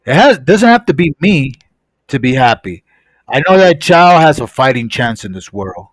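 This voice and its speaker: A man's voice: medium pitch, moderate pace, dry recording, rough recording. A young man telling a story casually to his stream, acting out voices. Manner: animated, acts out voices in the story.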